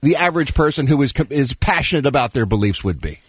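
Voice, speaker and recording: Man, radio talk host, ranting, sarcastic, lively pitch, dry close sound. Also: fast talker, breathy edge, no room sound.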